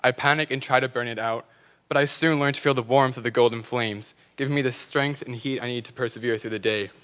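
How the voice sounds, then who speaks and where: A man's voice: medium pitch, fairly bright tone, smooth. A teenage boy reciting a dreamy spoken word poem with earnest delivery and small stumbles. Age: teens. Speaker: student slam poet.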